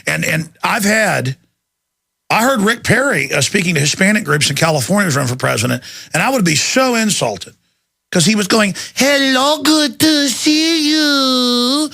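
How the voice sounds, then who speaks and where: A man's voice: fairly high pitch, sing-song, fairly quick, vocal fry, sharp tone, breathy edge, dry recording, clean studio sound. A man hosting a talk radio show, ranting in a fired-up, sarcastic way. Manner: fired-up, sarcastic, mimics others. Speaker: radio host.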